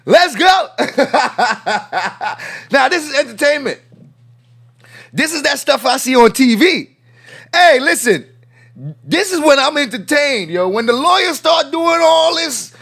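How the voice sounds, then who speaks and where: A man's voice: very high-pitched, lively intonation, takes it slowly, gravelly, fairly bright tone. A man hosting a livestream, reacting in casual, slangy, laughing commentary. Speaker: livestream host.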